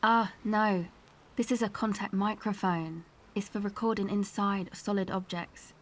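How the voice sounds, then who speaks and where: A woman's voice: medium pitch, steady tone, unhurried, natural voice. An actress playing a young woman field recordist in a game, talking in a blunt, casual, slightly awkward way. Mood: matter-of-fact. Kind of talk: game dialogue. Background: game music.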